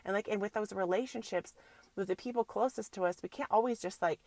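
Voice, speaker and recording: A woman in her thirties talks on her wellness podcast in a loose, chatty way, full of filler likes, speaking straight to her listeners as soul sisters. Her voice has a gravelly fry, and it sits close and dry on the mic. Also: medium pitch, fast talker, a little mellow, no room sound. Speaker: podcast host, yoga teacher. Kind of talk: spiritual self-help podcast chat.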